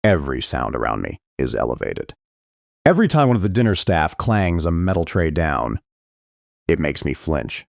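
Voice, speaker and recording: A man reading a first-person thriller audiobook with expressive, tense storytelling. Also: very deep voice, normal speed, gravelly, no echo, studio quality. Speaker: audiobook narrator.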